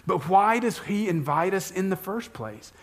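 A man's voice: high-pitched, expressive, measured pace. A man preaching a sermon as pastor, speaking conversationally and putting questions to the congregation.

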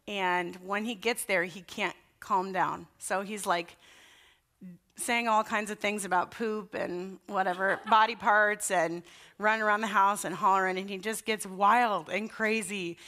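Bright-voiced woman pastor preaching casually. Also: medium pitch, steady tone, a little slow. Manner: warm anecdotal storytelling with casual fillers. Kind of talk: conversational sermon.

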